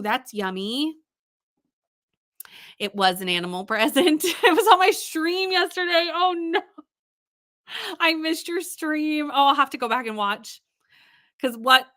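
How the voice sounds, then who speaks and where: A woman's voice: on the high side, sharp tone. A woman hosting a casual livestream, tired but bubbly, laughing often as she reads out viewer comments and greets people. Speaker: livestream host.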